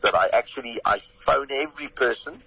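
An older South African man with a very bright, forward tone and a husky edge. He tells stories with lively animation, slipping into the voices of the people he quotes, like a comedian chatting on a radio call-in. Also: mid-range voice, fairly quick, muffled recording. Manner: animated storyteller who acts out his own quotes. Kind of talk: phone-in radio interview.

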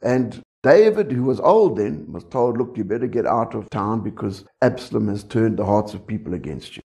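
A man's voice: lowish voice, expressive, normal speed, creaky, mellow. A man preaching a sermon, talking conversationally and often checking in with the congregation.

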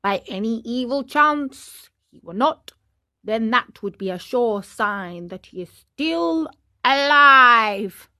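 A woman voicing a solemn, pompous male crow doctor who speaks in slow, grave pronouncements. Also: a little high, lively intonation, pushed and bright, no room sound, clean studio sound, heavily acted.

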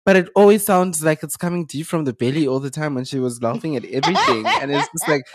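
A South African podcast co-host telling rambling, animated anecdotes in casual chat, laughing along the way. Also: mid-range voice, fast talker, husky, no echo.

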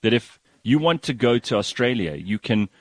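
Animated male radio host, teasing, dry close sound. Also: medium pitch, moderate pace, dry recording. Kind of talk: casual radio chat.

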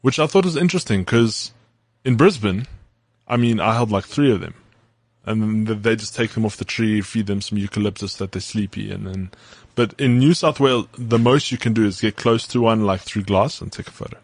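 A man with a fairly low voice, co-hosting a casual podcast. He wanders through long, detailed stories, and the sound is dry and close. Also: brisk, no echo. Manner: rambling, detailed travel storytelling. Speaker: podcast co-host. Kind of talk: casual chat.

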